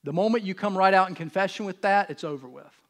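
A man preaching a sermon in a conversational way. He swings from loud emphasis down to soft, near-whispered lines and acts out voices in casual speech. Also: high-pitched, quick pace. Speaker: pastor.

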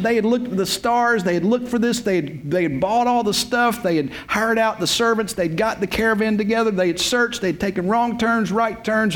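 A man, preaching a sermon as a pastor. He tells the story in an emphatic, repetitive way with folksy humor. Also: high-pitched. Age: 50s.

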